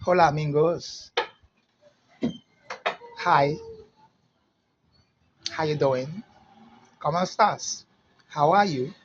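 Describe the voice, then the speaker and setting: A video creator running a casual quiz for viewers, greeting in several languages and spelling words out slowly letter by letter. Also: mid-range voice. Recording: dull lo-fi recording with faint background noise.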